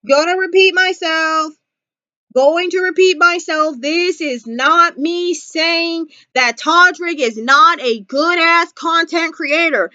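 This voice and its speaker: High, bright-voiced woman vlogger. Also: slow, no room sound, dull audio. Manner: animated, emphatic, repeats herself. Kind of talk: casual commentary vlog.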